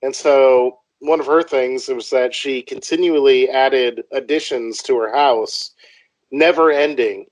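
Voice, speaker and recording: A man's voice: mid-range voice, a little slow, dry recording, low-quality recording. Jokey man with a dry close sound. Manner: jokey, laughs often, rambling asides. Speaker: podcast co-host. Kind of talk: casual chat.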